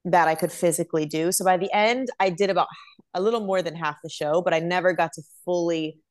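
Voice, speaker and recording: A young adult woman, a professional dancer, telling stories in an animated, chatty way as an interview guest. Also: on the low side, quick pace. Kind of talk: casual interview chat.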